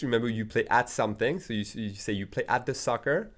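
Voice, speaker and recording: A man whose first language is French, teaching a video language lesson and patiently repeating phrases slowly for learners. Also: medium pitch.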